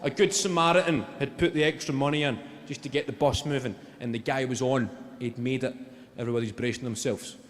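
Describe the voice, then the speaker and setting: A Scottish man with a Glaswegian accent doing a stand-up routine, swearing freely and building stories to loud shouted punchlines. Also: mid-range voice, brisk. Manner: swearing, animated storytelling with rising shouts. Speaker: stand-up comedian. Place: theatre stage with audience laughter. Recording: long hall reverb, loud ambience.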